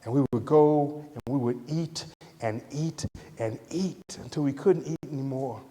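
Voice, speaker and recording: A middle-aged man from Atlanta, giving a lively, conversational storytelling lecture. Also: mid-range voice, measured pace. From Atlanta, Georgia. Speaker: guest lecturer. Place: lecture hall. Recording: reverberant lecture hall.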